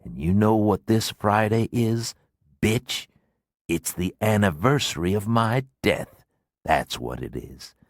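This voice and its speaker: Guy doing a deep gravelly ghost man, cold and spiteful, slow and swinging up and down, dry sound. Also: dry recording, exaggerated voice. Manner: menacing, speaks through clenched teeth. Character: vengeful dead man, cold, merciless, spiteful. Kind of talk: audiobook character voice.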